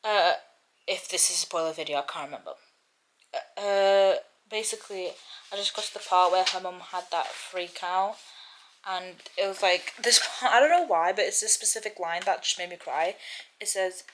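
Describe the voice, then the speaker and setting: A woman's voice: on the low side, moderate pace, low-quality recording. A young woman talking casually to her camera in a reading vlog. She rambles in a chatty way and gets emotional about the book. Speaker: book vlogger.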